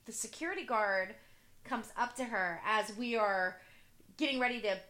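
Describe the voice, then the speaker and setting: High, bright-voiced chatty woman. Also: normal speed. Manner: rambling, leans on "like". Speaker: podcast co-host, mother. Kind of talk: casual storytelling chat.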